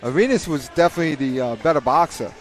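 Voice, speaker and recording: A man's voice: fairly high pitch, fast talker, faint music behind. A man commentating live boxing fights, rambling and joking, often repeating himself. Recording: crowd noise at a live event.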